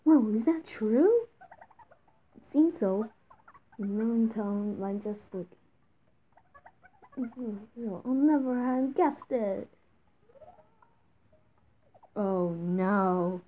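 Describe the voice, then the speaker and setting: Slow-talking woman narrating her gameplay. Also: mid-range voice, low-quality recording. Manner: reads game text aloud, excited outbursts. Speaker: gameplay video host. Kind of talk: casual let's-play commentary. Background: game music.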